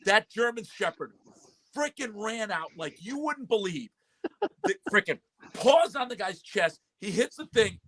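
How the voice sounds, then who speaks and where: A man's voice: sits high, unhurried. A man hosting a casual talk show, telling a long story and acting out the people in it. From Connecticut. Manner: animated storyteller, acts out shouting voices. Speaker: podcast host.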